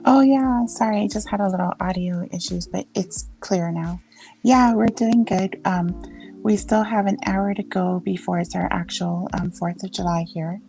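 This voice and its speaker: A woman's voice: medium pitch, steady tone, moderate pace, gravelly, mellow, low-quality recording. A woman chatting as a guest on a livestream, friendly and curious, joking and laughing as she asks questions. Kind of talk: casual chat. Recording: faint music behind.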